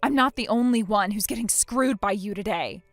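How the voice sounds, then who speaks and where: A woman's voice: mid-range voice, normal speed, dry recording, faint music behind, close to an everyday voice. A woman voicing a furious, injured young bride who speaks in a cold, scornful and firm way. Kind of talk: text-message story voice acting.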